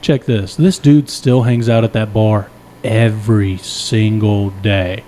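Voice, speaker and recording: Mellow-voiced young man telling a story. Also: lowish voice, takes it slowly, a little hiss or hum. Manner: animated, profane, rambling anecdote; self-deprecating, laughs often. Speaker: podcast co-host. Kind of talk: casual storytelling chat.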